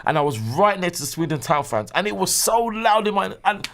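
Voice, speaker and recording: A man's voice: sits high, sing-song, normal speed, gravelly, fairly bright tone. Eager middle-aged man, stumbling over words. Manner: eager, stumbling, with many restarts. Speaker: guest, long-time football fan. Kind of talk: casual chat.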